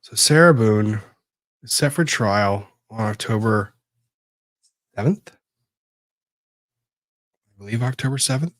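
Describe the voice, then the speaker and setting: A low-pitched man hosts an unhurried legal commentary stream, muttering to himself as he digs through files. The sound is dry and close, with no room around it. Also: lively intonation, fairly bright tone, no echo. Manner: rambling, talks to himself while searching documents. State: disorganized after moving. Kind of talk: casual livestream commentary.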